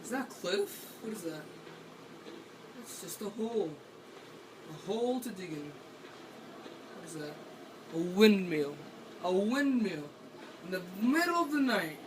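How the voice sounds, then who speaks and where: A man's voice: high-pitched, recorded from a distance, noisy background. A man doing playful, rambling gameplay commentary for a video, talking to himself as he plays. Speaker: gaming video maker. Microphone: camera held by hand.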